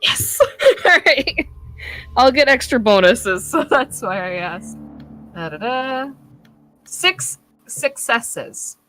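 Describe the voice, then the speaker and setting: A woman playing a tabletop game, eager and quick to laugh, describing her moves. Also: a little high, very animated, sharp tone, soft background music. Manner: giggly, eager. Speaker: player. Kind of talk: casual tabletop play.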